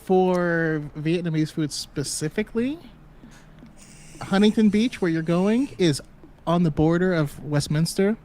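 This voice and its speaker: A man with a fairly high voice co-hosts a live call-in show. He talks in halting bits, full of fillers and quick laughs. Faint noise hums under him. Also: dark tone. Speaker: co-host.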